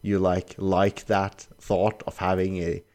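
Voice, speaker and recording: A Norwegian man with a deep, low-pitched voice hosts a casual English-language podcast. He is a native Norwegian speaker who explains things at an unhurried pace, padding his thoughts with fillers. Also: flat delivery, darkish tone. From Norway. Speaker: podcast host and editor.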